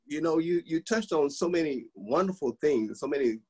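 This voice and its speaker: A man's voice: on the high side, expressive, normal speed, a little mellow, husky, poor audio. A man, a guest teacher, speaking conversationally with many hesitations and fillers.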